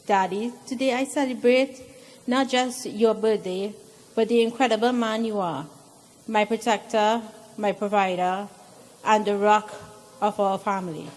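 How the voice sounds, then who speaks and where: A woman giving a heartfelt birthday speech to her father at a temple gathering, halting and emotional at times. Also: mid-range voice, in a large hall. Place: temple hall.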